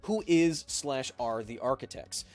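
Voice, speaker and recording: A man's voice: mid-range voice, animated, a little slow, a little mellow, soft background music. A man hosting a casual livestream, reading out viewer donations and answering them with playful, self-mocking jokes.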